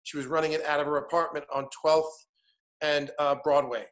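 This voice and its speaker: A man's voice: fairly high pitch, little pitch movement, fairly quick, fairly bright tone. A man in his fifties, a guest in casual conversation, telling an anecdote animatedly and acting out the other people in it. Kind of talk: casual storytelling chat.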